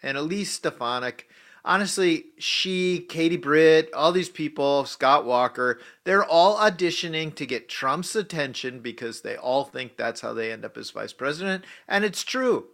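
Male co-host, talk radio, emphatic, bright forceful tone, slightly high. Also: expressive, moderate pace, creaky. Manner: emphatic, repetitive "right?" asides. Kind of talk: political talk radio commentary.

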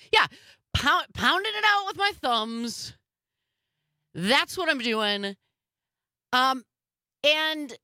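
A woman hosting a talk radio show, chatting in an animated way and telling stories. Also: medium pitch, dry recording, clean studio sound. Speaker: radio host.

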